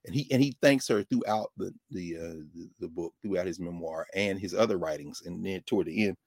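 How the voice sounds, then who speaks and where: A middle-aged man hosting, telling a story in a casual, animated way with lots of digressions and self-corrections. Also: sits low, fairly quick, breathy edge, no room sound, clean studio sound.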